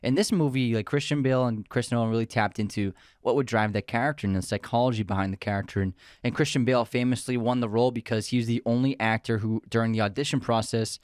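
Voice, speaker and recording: A man's voice: mid-range voice, steady tone, fast, few pauses, a little mellow, no room sound, clean studio sound. A young man co-hosting a podcast, chatting casually and enthusiastically about films with his brother. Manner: enthusiastic, opinionated. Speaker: podcast co-host. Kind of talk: casual film chat.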